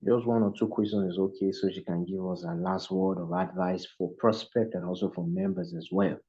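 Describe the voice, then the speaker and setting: A man co-hosting an online meeting, pleading with the audience for quick questions and calling on a caller. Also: sits low, steady tone, dark tone, lo-fi sound. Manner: pleading, repeats requests. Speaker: meeting co-host.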